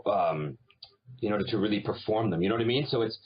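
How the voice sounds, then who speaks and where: Husky-voiced man, lively storyteller. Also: fairly low pitch, fast, highs cut off. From Canada. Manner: animated storyteller, slips into accents. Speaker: voice actor guest. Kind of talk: casual interview chat.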